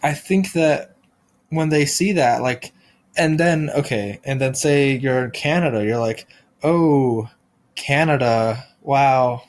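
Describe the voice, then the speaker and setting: A man hosting a podcast, delivering a rambling deadpan comic monologue full of restarts and absurd tangents. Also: fairly high pitch, measured pace. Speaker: podcast host.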